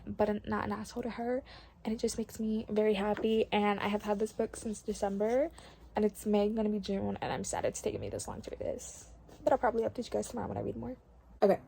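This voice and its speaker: This book vlogger, a young woman doing laundry at home, chats and gushes through casual reading updates with plenty of fillers. Her medium-pitched voice has a darkish tone and vocal fry, and the noisy home recording picks up a washing machine behind her.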